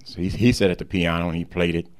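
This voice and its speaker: A man's voice: low-pitched, fairly even intonation, fast, smooth. An older man telling the story behind his song on the radio, acting out the voices of the people in it.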